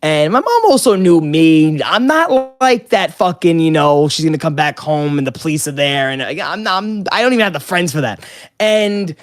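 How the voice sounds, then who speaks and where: A man's voice: a little high, lively intonation, brisk. A young man co-hosting a podcast, rambling casually with lots of swearing. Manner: rambling and profane, slips into loud put-on voices. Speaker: podcast co-host. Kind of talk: casual chat.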